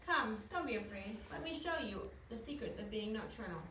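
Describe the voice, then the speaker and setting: A woman's voice: medium pitch, lively intonation, normal speed, bright, forceful tone. A woman reading aloud and voicing an eccentric, cheerful female teacher in a theatrical, mysterious way. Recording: echoey room, distant mic, faint noise.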